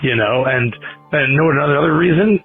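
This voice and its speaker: A man's voice: fairly high pitch, normal speed, music in the background. A man getting over the flu, teasing the host in a preachy voicemail. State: recovering from flu. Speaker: caller. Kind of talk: voicemail message. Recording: tinny phone voicemail.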